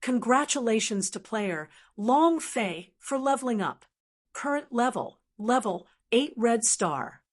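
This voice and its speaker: A woman voicing a game-style system notification in a fantasy audiobook, in a flat, announcing manner. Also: fairly high pitch, unhurried.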